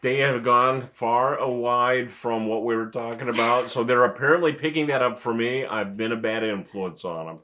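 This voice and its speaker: A man's voice: medium pitch, moderate pace, hardly any pauses, sharp tone, slight background noise. A man co-hosting a casual review chat, dry and joking. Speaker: podcast co-host.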